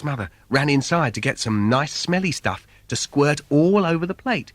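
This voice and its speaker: A man's voice: mid-range voice, normal speed, hardly any pauses, fairly bright tone, no echo. A man reading a comic fairy tale for children in a playful, sing-song storyteller manner. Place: recording studio. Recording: dry studio recording.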